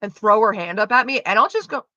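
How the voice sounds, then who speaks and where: A woman streamer in casual chat with her viewers, rambling fast and swearing freely. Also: mid-range voice, lively intonation, pushed and bright, no room sound, dull audio.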